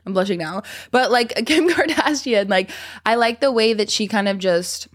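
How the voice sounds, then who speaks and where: A woman's voice: medium pitch, moderate pace. Chatty young woman rambling casually. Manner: chatty, rambling, lots of fillers. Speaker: podcast host. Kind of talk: casual monologue.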